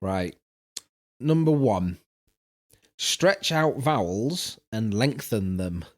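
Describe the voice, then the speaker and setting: A man's voice: fairly low pitch, lively intonation, drawn-out words. A man co-hosting a casual podcast, reading out instructions step by step and teasing his co-host with casual swearing.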